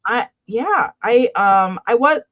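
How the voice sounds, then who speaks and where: Brief: woman host on a live-stream sale, pitched a bit high, easygoing and talkative, recorded with a muffled lo-fi sound. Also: animated, takes it slowly, fairly bright tone. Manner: chatty, greets viewers by name; explains steps plainly with many fillers. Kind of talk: casual live-stream chat.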